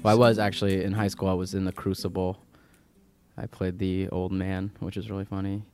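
A man's voice: deep voice, little pitch movement, fairly quick, over music. A young man, a podcast guest, telling stories in an easygoing way. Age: young adult. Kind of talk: casual interview.

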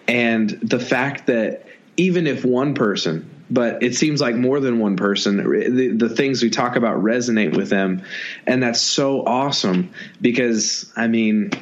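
A man's voice: mid-range voice, a little slow, highs cut off. A man co-hosting a podcast in casual chat, enthusiastic and rambling, with a self-deprecating streak. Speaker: podcast co-host.

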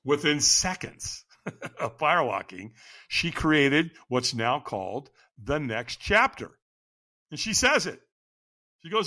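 A man who works as a firewalk instructor, telling excited stories in an interview and acting out quotes with lots of laughter. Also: on the high side, slow pace. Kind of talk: animated storytelling.

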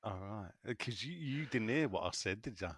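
A man: jokey podcast co-host, lively. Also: on the low side, normal speed, breathy edge, no room sound. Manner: jokey, puts on mock regional voices in jokes. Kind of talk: casual banter, reading listener messages.

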